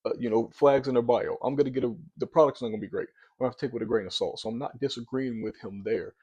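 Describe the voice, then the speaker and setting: Argumentative man with a mellow voice. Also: medium pitch, rapid-fire, slightly rough. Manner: animated, argumentative, repeats words when pressing a point. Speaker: commentator reacting to a video. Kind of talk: casual reaction commentary.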